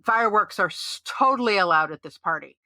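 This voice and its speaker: Chatty woman podcast co-host, bright voice. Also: mid-range voice, animated, brisk, dry recording. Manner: chatty, rambling with many fillers and restarts; reads out listener chat messages. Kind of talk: casual chat about an online game.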